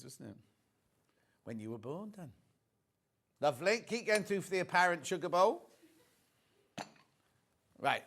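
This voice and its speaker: A man, presenting live on a TV shopping channel in a chatty, storytelling way. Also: mid-range voice. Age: 60s. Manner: chatty, anecdotal, animated storyteller. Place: TV studio.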